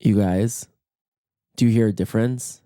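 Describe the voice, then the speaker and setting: A man in his late twenties hosting a solo podcast from bed, his voice hoarse and nearly gone, joking in a playful, campy, self-mocking way. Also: fairly low pitch, steady tone, moderate pace, warm tone, no echo, clean studio sound. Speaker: podcast host. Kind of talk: casual solo podcast chat. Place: in bed at night.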